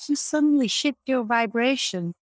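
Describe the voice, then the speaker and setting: A woman's voice: a little high, animated, moderate pace, no echo, low-quality recording. A woman answering as a guest coach in an interview, emphatic and repeating her key phrases.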